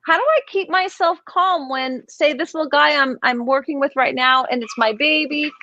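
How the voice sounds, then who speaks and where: A woman's voice: sits high, moderate pace, pushed and bright, no echo. A woman co-hosting a video podcast, chatty and questioning, on a video call. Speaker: co-host. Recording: dry, dull lo-fi audio.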